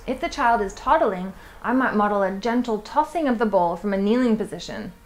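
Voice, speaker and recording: A woman early childhood educator, explaining a lesson in a calm, measured teaching tone. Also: medium pitch, slight background noise. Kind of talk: scripted lesson narration.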